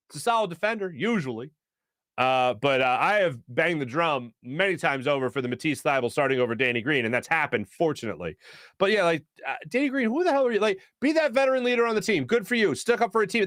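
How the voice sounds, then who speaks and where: A man's voice: high voice, fairly bright tone, no echo. A man hosting a casual sports talk show from a studio, joking, laughing often and reading out viewer comments with fired-up opinions.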